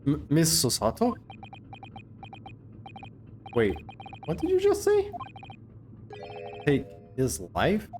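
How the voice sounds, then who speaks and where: A man reading the lines of a bewildered young male student, halting and confused. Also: a little high, huge pitch swings, darkish tone, faint music behind, full character voice.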